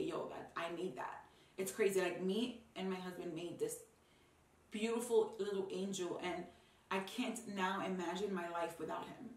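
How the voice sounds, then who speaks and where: A young woman and new mother talking to camera in a heartfelt, rambling way with many ums and restarts. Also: mid-range voice. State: tearful at times. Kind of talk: personal talk to camera. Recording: roomy sound, mic a bit distant.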